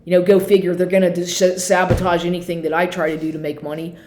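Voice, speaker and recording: A woman's voice: lowish voice, little pitch movement, fast talker, darkish tone, a little hiss or hum. A woman telling a story in a casual monologue, rambling, swearing often and sounding exasperated. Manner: profane, rambling, exasperated retelling. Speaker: vlogger. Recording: roomy echo.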